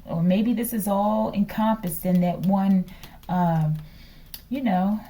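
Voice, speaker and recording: A woman's voice: mid-range voice, slow, mellow, poor audio. A woman giving a casual spiritual tarot reading in a chatty, teasing way, often ending lines with a questioning "okay?" and sometimes dropping to a whisper. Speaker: tarot reader.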